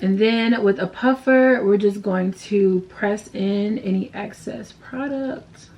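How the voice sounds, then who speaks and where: A makeup vlogger talks casually through a tutorial, frank and full of slang, pausing between steps to vent her sadness and emotions openly. Her mid-range voice is slow and a little mellow.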